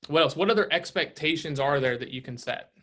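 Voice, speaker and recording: A man's voice: fairly high pitch, fairly quick, pushed and bright. A man leading a casual real estate training session, coaching with rhetorical questions and a frequent "right?".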